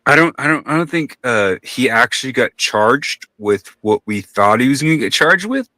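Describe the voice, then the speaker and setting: A man's voice: mid-range voice, lively intonation, normal speed, bright, forceful tone, no room sound. A man telling a long story in casual podcast talk, rambling and profane, acting out the voices of the people in it.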